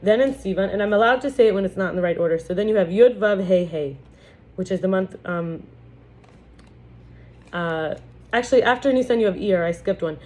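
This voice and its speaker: A woman's voice: medium pitch, fairly quick, long pauses, a little mellow. A woman giving a casual spiritual lesson, talking in a chatty way with frequent restarts while reading from a book. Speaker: teacher. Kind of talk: casual spiritual teaching talk.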